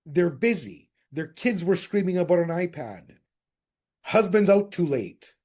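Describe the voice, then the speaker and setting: A man coaching real estate agents in a direct, energetic lecture. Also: sits high, measured pace. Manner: direct, energetic, addresses group as guys.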